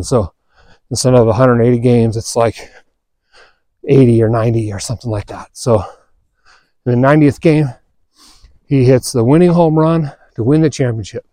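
A man hosting a podcast, telling a story in a relaxed, chatty way and acting out the quoted dialogue. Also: medium pitch, dry recording, clean studio sound. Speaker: podcast host. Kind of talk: casual storytelling monologue.

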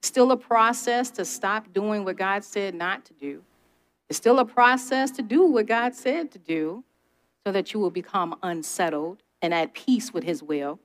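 A woman's voice: medium pitch, a little slow. A middle-aged woman preaching a conversational sermon, emphatic and testifying, talking straight to her listeners. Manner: emphatic, testifying, speaks to the audience directly.

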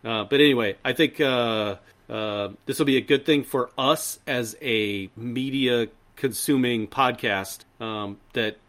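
A man's voice: mid-range voice, measured pace, hardly any pauses, a bit bright. A man co-hosting a pop-culture podcast in casual chat, rambling with many fillers and restarts. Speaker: podcast co-host.

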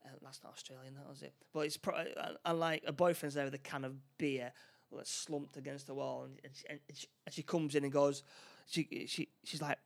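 Gravelly man, halting, acting out lines. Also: on the high side, steady tone. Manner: halting, many restarts, acts out lines. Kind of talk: casual chat recapping a film plot.

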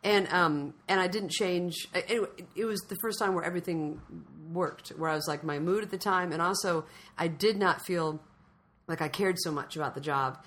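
A woman's voice: fairly low pitch, brisk, fairly bright tone. A woman in her thirties, an actress guest chatting casually, rambling and self-deprecating as she tells stories. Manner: rambling, self-deprecating storyteller who acts out quotes. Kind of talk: casual chat.

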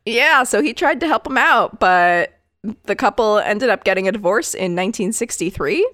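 A woman's voice: medium pitch, expressive, moderate pace, fairly bright tone, no echo. Woman podcaster rambling through a case story, casual and swears a lot, dry close sound. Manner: chatty, loose and swearing, with frequent asides. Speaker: podcast co-host telling a case. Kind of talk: casual chat.

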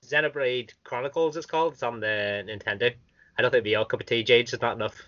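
A man co-hosting a casual gaming podcast. He is chatty and excitable, and laughs often. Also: medium pitch, quick pace. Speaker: podcast co-host. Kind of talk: casual chat. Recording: dull lo-fi recording.

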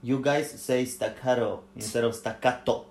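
A man's voice: medium pitch, fairly even intonation, normal speed, creaky, a little mellow. A man whose first language is Spanish, co-hosting a casual podcast and patiently drilling pronunciation by repeating sounds. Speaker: podcast co-host. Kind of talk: casual chat. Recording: echoey room with faint noise.

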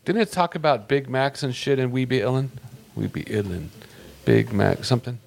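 A man's voice: medium pitch, normal speed, vocal fry. A man co-hosting a morning radio show, wisecracking and gossipy in casual banter.

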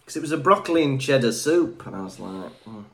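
A man co-hosting a podcast in relaxed, chatty conversation, agreeable and easygoing. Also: mid-range voice, fast, vocal fry. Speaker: podcast co-host. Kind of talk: casual podcast chat.

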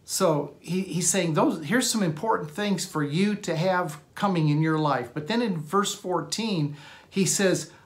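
A man's voice: high voice, unhurried. A man preaching a Sunday sermon, reading scripture aloud and explaining it with earnest emphasis. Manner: earnest preaching, reads scripture aloud, repeats words when restarting. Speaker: pastor.

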